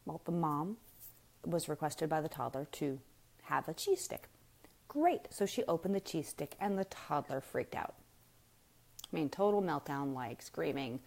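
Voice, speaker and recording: A woman's voice: sits low, very animated, measured pace, darkish tone. Blunt woman talking parenting on a live stream. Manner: emphatic, full of rhetorical questions; frank and blunt, addresses viewers directly. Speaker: parenting speaker. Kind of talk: casual live-stream talk.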